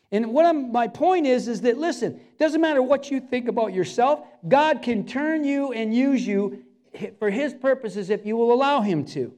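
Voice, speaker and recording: A man's voice: high voice, animated, moderate pace, a little mellow. A man preaching a sermon as pastor, emphatic and repetitive, speaking straight to his listeners.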